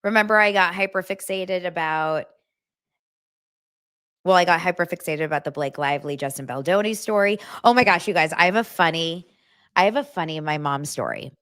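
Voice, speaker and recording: A woman hosting a casual pop-culture vlog, gossipy and animated, often repeating herself. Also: lowish voice, fairly quick, smooth, no room sound, studio quality. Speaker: pop culture vlogger host. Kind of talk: casual chatty vlog monologue.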